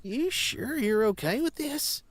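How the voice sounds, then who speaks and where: A woman's voice: fairly high pitch, expressive, a little slow, dry recording. A woman voicing a blunt, folksy young country man with a brash, plain-spoken drawl. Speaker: voice actor reading a character.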